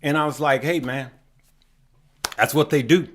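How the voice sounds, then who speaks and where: A man's voice: fairly high pitch, steady tone, a little hiss or hum. A man hosting a casual stock market livestream, greeting viewers one by one by name. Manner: unhurried, shout-outs to viewers by name.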